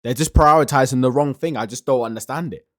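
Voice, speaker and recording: A man's voice: medium pitch, fast, dry recording. Emphatic man reacting, dry sound. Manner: emphatic, restarts often, says "bang on" and "like". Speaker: podcast host reacting to a clip. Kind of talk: casual reaction commentary.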